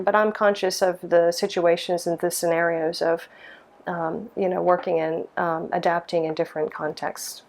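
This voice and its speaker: A middle-aged woman from Mississippi, a lighting designer, answering interview questions in a thoughtful way, with many ums and restarts. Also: mid-range voice. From Mississippi, USA.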